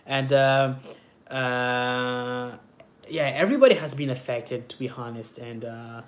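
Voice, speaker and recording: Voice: mid-range voice, unhurried, a little hiss or hum. A native French speaker with a French accent, hosting a casual livestream as a skater, chatting and reading comments with many hesitant filler sounds. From France. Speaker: livestream host, slalom skater. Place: home in Paris.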